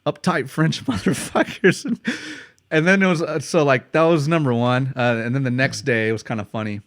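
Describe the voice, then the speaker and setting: Laughing, swearing American podcast host. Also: male voice, medium pitch, fairly quick, no room sound, studio quality. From United States. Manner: swears freely, laughs often while telling stories. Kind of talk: casual storytelling chat.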